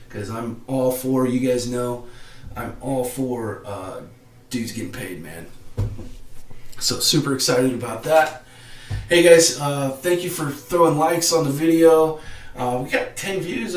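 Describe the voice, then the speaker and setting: Excitable man chatting on a podcast stream. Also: medium pitch. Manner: excitable, laughing, slangy. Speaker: podcast host. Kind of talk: casual live-stream sports chat. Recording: roomy echo.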